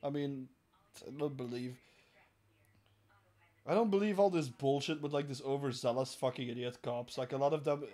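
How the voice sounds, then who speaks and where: A podcast host with a warm, mid-range voice talks at a moderate pace with long pauses. His crude comedy show is full of swearing, frequent laughter and mockery of people in put-on voices.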